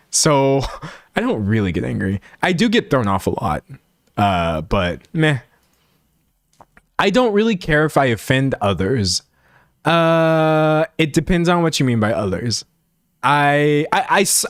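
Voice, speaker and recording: Guy livestreaming, super animated, voice swings all over, dry close sound. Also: mid-range voice, no room sound. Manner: animated and chatty, laughing often. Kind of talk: casual livestream chat. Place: home streaming setup in front of a pink backdrop.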